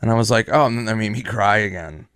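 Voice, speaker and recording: Relaxed man telling a story in a dry room. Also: fairly low pitch, quick pace, clear, resonant tone, no room sound. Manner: loose, profane, laughing anecdotes. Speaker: stand-up comedian. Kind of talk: casual storytelling on a podcast.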